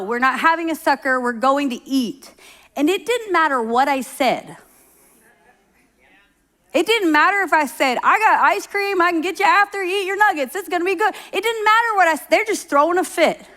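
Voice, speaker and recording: A woman's voice: high voice, a bit bright. A middle-aged woman from Oklahoma preaching a sermon in a conversational, storytelling way, acting out quoted voices. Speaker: pastor.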